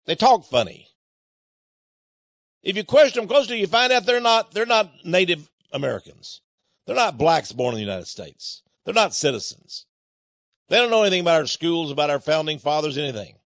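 A man's voice: fairly high pitch, very animated, moderate pace, a bit bright, no echo. A man hosting a radio monologue, speaking emphatically and urgently and addressing his listeners as friends. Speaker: radio host.

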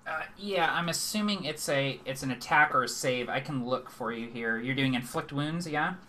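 A young man with a bright, forceful voice narrates a tabletop fantasy game as its game master. His telling is vivid but halting, full of fillers and repeated words. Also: mid-range voice, slight background noise. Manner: descriptive, hesitant with fillers and repeats.

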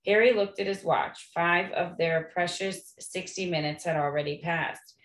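Low-voiced woman reading aloud. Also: unhurried, few pauses. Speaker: reader. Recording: echoey room.

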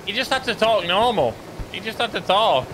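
A man's voice: sits high, lively intonation, moderate pace, fairly bright tone, slight background noise. A man chatting casually and joking while he plays, often rambling and trailing off. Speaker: gaming streamer. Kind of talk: casual gameplay commentary.

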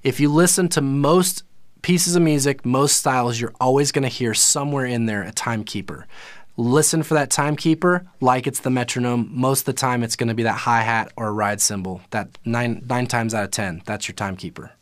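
A man's voice: medium pitch, a little fast, no room sound. Casual male music teacher, dry sound. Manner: casual, explanatory, lots of fillers and self-corrections. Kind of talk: live online music lesson.

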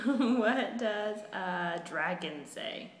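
A woman's voice: medium pitch, expressive, drawn-out words. A mother playfully quizzing her toddler in a home video, asking coaxing sing-song questions. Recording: roomy home recording, faint noise.

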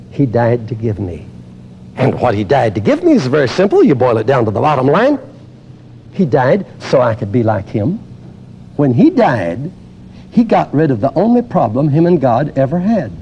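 An older man preaching a teaching sermon on healing, emphatic and exuberant, dropping to a hush and then rising to loud exclamations. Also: medium pitch, slight background noise.

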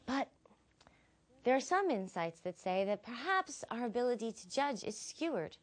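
Animated woman lecturing on philosophy. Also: on the high side, normal speed. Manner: expressive, animated storyteller. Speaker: college philosophy instructor. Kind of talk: recorded lecture with storytelling.

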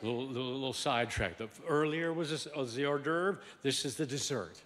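A man preaching a sermon as pastor, animated and emphatic, swinging from loud exclamations to quiet asides and often repeating words. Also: mid-range voice, fairly quick, long reverb tail. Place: large church sanctuary.

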